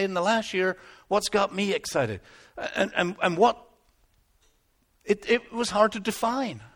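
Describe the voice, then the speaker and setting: Lively, conversational male preacher. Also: high-pitched. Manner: animated, conversational preaching with acted asides; repeats words when building up. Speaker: pastor. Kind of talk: sermon.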